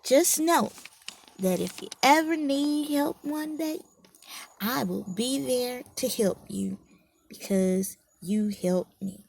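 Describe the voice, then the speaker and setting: A woman's voice: on the high side, takes it slowly, creaky, darkish tone, slight background noise. A woman voicing a tiny, frightened male mouse in a storybook fable, pleading and making earnest promises.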